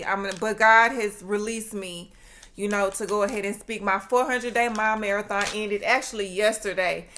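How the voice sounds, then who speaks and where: A woman's voice: mid-range voice, steady tone, normal speed, sharp tone. A woman with a Southern US accent, talking candidly and from the heart to her vlog audience at home, recorded on a laptop mic. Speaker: vlogger. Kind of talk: casual talk to camera. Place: at home, indoors. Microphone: laptop built-in mic.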